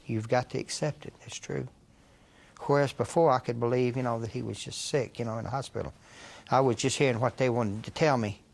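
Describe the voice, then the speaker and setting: A man's voice: medium pitch, steady tone, a little fast, gravelly. An older man recalling events in a documentary interview, hesitant and full of small asides. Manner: hesitant, many fillers and trailing asides.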